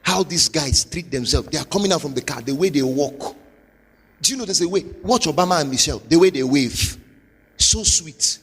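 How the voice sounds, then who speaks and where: A man with a Nigerian accent, a pastor giving a motivational sermon with forceful, repetitive exhortation. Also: on the high side, lively intonation, normal speed, husky. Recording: long hall reverb.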